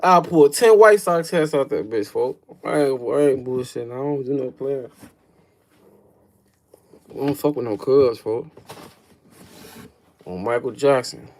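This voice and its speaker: A man's voice: medium pitch, a little slow, pauses often. A young man hosting a casual livestream, rambling in slangy, profane talk, calling everyone folks and answering chat questions. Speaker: livestream host.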